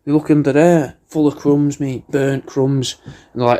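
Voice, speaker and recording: A man's voice: medium pitch, steady tone, a little slow, dark tone. Sweary man roasting someone. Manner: sweary, rambling, mock-insulting, says "mate" constantly. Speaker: podcast host recording paid video messages. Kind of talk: comedic roast monologue.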